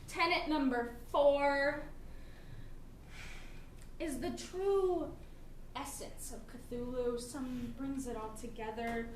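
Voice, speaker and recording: A woman's voice: sits high, slow pace, pauses often. A woman performing live improv comedy on a theatre stage, delivering a mock-earnest lecture and laughing through her lines. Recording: echoey theatre from far off, loud background noise.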